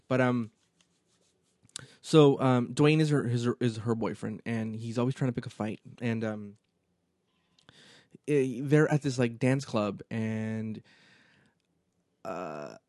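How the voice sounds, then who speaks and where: Casting: male podcast co-host, warm mellow tone, dry close sound, animated storyteller. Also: mid-range voice, takes it slowly, pauses often, dry recording. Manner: animated storytelling, acts out movie lines. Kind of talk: casual chat.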